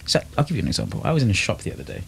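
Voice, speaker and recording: A man's voice: fairly low pitch, wildly swooping pitch, racing, vocal fry, slight background noise. A man hosting a podcast in casual chat, playful and mock-pompous, teasing himself and his friends. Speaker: podcast host.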